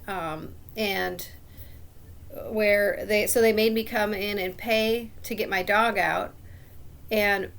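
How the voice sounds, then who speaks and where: Gravelly woman telling a rambling grievance. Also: mid-range voice, a bit bright. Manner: rambling, clears her throat often; aggrieved, suspicious storytelling. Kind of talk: casual personal story.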